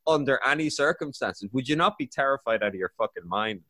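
A man hosting a podcast in casual chat, riffing with swearing and bursts of laughter. His voice sits in a middle pitch. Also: brisk, husky. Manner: swearing, laughing, animated rants. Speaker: podcast host.

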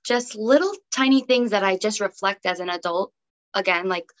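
A young adult woman, a breathwork teacher, tells her own story as a podcast guest in a mid-range voice at normal speed. Her speech is casual and chatty, filled with fillers like "um" and "like", and the audio is dull and lo-fi.

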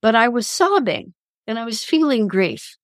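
A woman's voice: a little high, big pitch swings, normal speed, no room sound. A woman guest on a podcast interview, telling personal spiritual stories in an earnest, reflective way. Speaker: guest, author and columnist.

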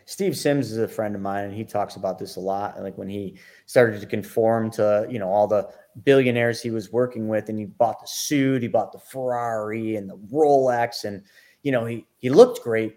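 Animated middle-aged man telling his story. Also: on the low side, moderate pace. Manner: lively, acts out his own past reactions. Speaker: podcast guest, financial educator.

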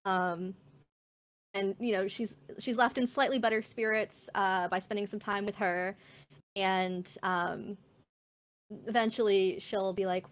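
A woman's voice: medium pitch, fairly even intonation, unhurried. A woman narrating as game master of a tabletop game, chatty and full of fillers. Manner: chatty, filler-heavy, laughs easily.

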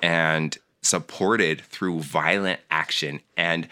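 A man's voice: low voice, fairly even intonation, slow pace, pushed and bright, clear, resonant tone. A man in a casual talk, ranting with heated passion and many filler words. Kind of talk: casual conversational rant.

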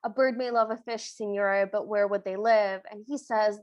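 A woman's voice: mid-range voice, steady tone, normal speed, darkish tone, muffled recording. A woman co-hosting a podcast, retelling movie scenes in an enthusiastic, casual way. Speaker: podcast co-host. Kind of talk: casual movie recap chat.

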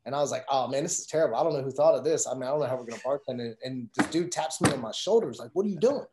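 A man's voice: mid-range voice, racing, heavy background noise. Man telling a nightclub-work story. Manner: storytelling, acts out quoted dialogue, frequent fillers. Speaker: guest telling his career story. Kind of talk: casual conversation.

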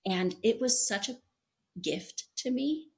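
A middle-aged woman guest on an interview podcast, speaking in an animated, storytelling way and often acting out quotes. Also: a little high, slow, gravelly.

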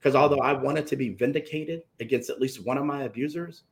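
A man's voice: mid-range voice, a little fast, vocal fry. A man, a guest author, telling an emotional story from his own life and acting out the voices of the people in it.

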